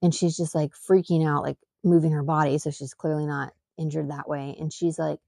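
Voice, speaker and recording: A woman tells a story in a rambling, emphatic way, with many fillers and false starts. Her voice sits low and has a gravelly edge. The sound is dry and close, with no room echo. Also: little pitch movement, brisk, dark tone. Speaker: mother and podcast host. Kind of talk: casual storytelling.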